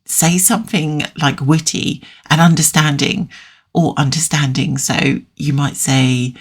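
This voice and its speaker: Woman, podcast coach, low voice, chatty and candid. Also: fairly even intonation, a little slow, slightly rough. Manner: chatty and frank, with fillers and self-corrections. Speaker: life coach, podcast host. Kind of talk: solo podcast talk.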